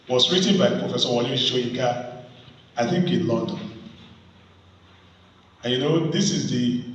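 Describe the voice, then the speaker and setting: A man's voice: mid-range voice, a bit bright, slight background noise. A man with a Nigerian accent calling students to attention and explaining the background of a poem. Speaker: teacher addressing students. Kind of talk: classroom talk. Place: large echoey hall. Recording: dull sound, echoey hall, mic far off.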